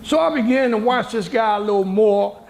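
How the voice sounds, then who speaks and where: Speaking at a normal speed, a high-voiced, gravelly older American man shares a story as a panel guest during a moderated university hall discussion. He's colloquial, emphatic, and lively, acting out people's words. The audio sounds roomy, with a little hiss or hum.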